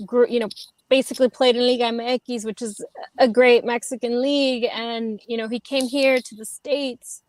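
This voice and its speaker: A woman chats about soccer players in a loose, conversational way. Her voice sits somewhat high and sounds close and dry, with no room echo. She fills pauses with plenty of fillers. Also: steady tone, a little mellow. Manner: chatty, filler-heavy. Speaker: soccer podcast co-host. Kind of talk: casual chat.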